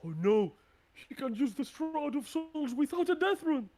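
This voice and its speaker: Guy voicing a dumb hill giant, yelling, pitched way up. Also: expressive, normal speed. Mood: alarmed. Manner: yelling in pain and alarm.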